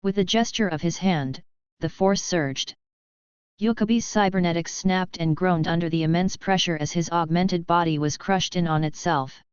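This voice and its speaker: A woman narrates a story in an even, measured reading. Her voice is very clear and a little low, with a dry, slightly dull sound. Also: no echo. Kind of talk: storybook narration of fan fiction.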